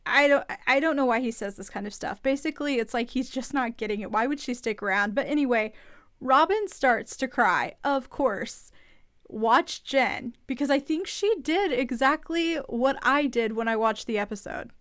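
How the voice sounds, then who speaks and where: A woman's voice: sits high, expressive, normal speed, fairly bright tone, dry recording, clean studio sound. A woman hosting a casual recap, chatty and opinionated with an amused edge. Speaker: podcast host recapping a reality show. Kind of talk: casual commentary.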